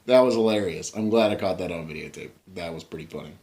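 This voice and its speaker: A man's voice: sits low, darkish tone. Rambling, chuckly man reviewing gadgets. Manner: rambling, chuckling, lots of fillers. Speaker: tech reviewer. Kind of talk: casual product review. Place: at home.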